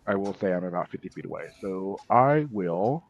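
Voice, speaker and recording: Low-ish guy playing a tabletop game, slow and unsure, kinda muffled audio. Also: lively intonation. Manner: hesitant, thinking aloud with trailing restarts. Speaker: player. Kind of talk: casual chat while playing.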